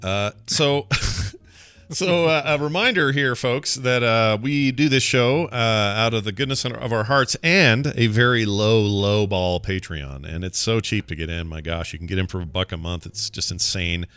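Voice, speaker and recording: A man's voice: lowish voice, fairly bright tone, clear, resonant tone, dry recording. A man hosting a podcast in casual chat who reads plugs in an upbeat, promotional way. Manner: upbeat, promotional, quick asides. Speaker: podcast host.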